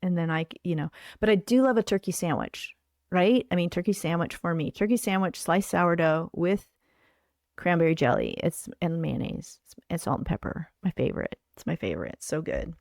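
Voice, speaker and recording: A woman's voice: on the low side, very animated, normal speed, darkish tone, no echo, clean studio sound. An older woman hosting a livestream from home, chatting in a rambling way with many fillers. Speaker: livestream host. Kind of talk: casual chat.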